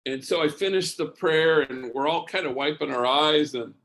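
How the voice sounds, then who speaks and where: A man, a priest, giving spoken testimony as an unhurried storyteller who often restarts his sentences. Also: a little high, a bit bright.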